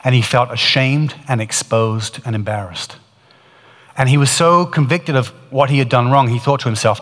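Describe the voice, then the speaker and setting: A man's voice: mid-range voice, normal speed, fairly bright tone, big-room sound. A man preaching, retelling a testimony in earnest, building storytelling with frequent restarts. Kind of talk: storytelling sermon.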